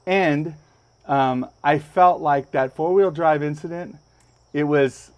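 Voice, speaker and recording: A man hosting a podcast, telling a story with lots of energy and jumping up high when he acts out other people's lines. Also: slow, clear, resonant tone, muffled recording. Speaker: podcast host. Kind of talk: animated storytelling. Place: podcast studio.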